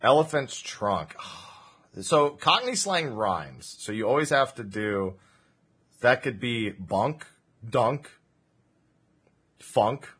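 A man's voice: mid-range voice, big pitch swings, slow pace, pauses often, fairly bright tone, breathy edge. A man from New Jersey chatting casually on a livestream, explaining slang and laughing often. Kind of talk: casual stream chat.

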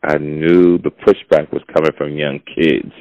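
A podcast host delivers a blunt, preachy opinion monologue in casual talk, his low, gravelly voice flat and evenly paced. The recording is dry, with dull lo-fi audio.

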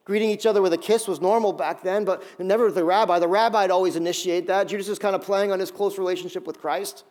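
A middle-aged male pastor giving an animated sermon, acting out scenes with quick voices. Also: high voice.

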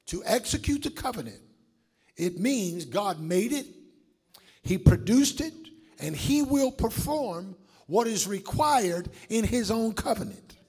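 Husky-voiced preacher, high and lively. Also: male voice. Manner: preaching with call-and-response to the congregation; swings between shouts and hushed asides. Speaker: pastor. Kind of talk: sermon.

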